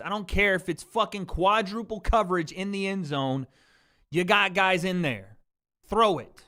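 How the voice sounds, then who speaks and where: High-voiced man ranting angrily at chat. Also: fairly bright tone, clear, resonant tone. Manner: profane, heated, snapping at chat. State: angry and frustrated. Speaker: streamer reacting to a football game and live chat. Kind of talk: heated livestream rant to chat.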